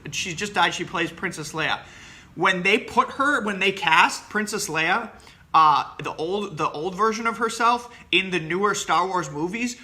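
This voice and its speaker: A man talks to his class in loose, casual commentary, blunt and opinionated, circling back with fillers and false starts. His voice sits high for a man and has a very sharp, cutting edge. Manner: rambling, many fillers and restarts; blunt, opinionated, laughs at his own jokes. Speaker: professor.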